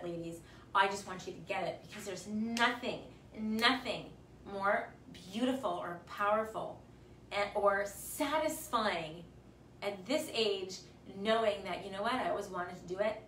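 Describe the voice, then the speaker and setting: A woman's voice: mid-range voice, recorded from a distance. A choked-up woman in her forties gives an emphatic motivational talk, repeating her words for emphasis. She sits back from the mic in a roomy space, with a faint hum underneath. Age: 40s. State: tearful, choked up. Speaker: fitness instructor. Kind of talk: emotional motivational pep talk on a livestream.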